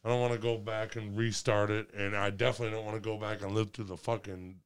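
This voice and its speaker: Blunt, lowish-voiced man in his twenties. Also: flat delivery, fast, clear, resonant tone. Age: 20s. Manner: blunt, swears freely. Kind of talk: casual chat.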